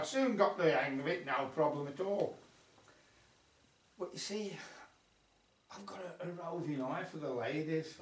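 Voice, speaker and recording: A man voicing a boastful, womanising male sheepdog who chats on as he tells his life story, recorded at a folk club. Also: sits high. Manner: chatty yarn-spinning, bragging. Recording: roomy club sound from far off.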